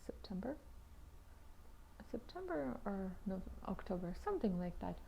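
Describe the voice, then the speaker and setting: A woman's voice: medium pitch, moderate pace, creaky, a little hiss or hum. Chatty woman with half-whispered asides. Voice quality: lively, often drops into soft half-whispered asides. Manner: chatty, with restarts and frequent exclamations. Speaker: vlogger telling her own story. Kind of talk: casual personal storytelling.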